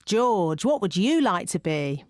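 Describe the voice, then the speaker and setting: Chirpy rabbit lady for a kids' cartoon, lively tone, dry booth. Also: medium pitch, unhurried, dry recording. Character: busy, cheerful woman rabbit.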